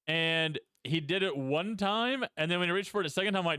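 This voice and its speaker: A man with a smooth, resonant voice chats casually as a podcast co-host, often laughing at his own expense. His voice sits a bit high for a man, and the recording is close and dry. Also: lively intonation, a little fast, few pauses, pushed and bright, no echo. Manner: laughs often, self-mocking. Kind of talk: casual chat.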